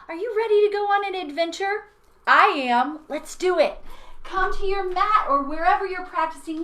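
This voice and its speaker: A woman leading a children's yoga class, animated and playful, coaching in a sing-song way with sound effects. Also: extremely high pitch, recorded from a distance. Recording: echoey room, away from mic, faint music.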